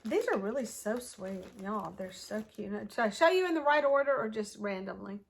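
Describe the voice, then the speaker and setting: A woman's voice: medium pitch, lively intonation, moderate pace, creaky, slight background noise. A woman, chatting casually as she unboxes a thrift haul and gushes over each piece. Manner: gushing, chatty, talks to the ornaments.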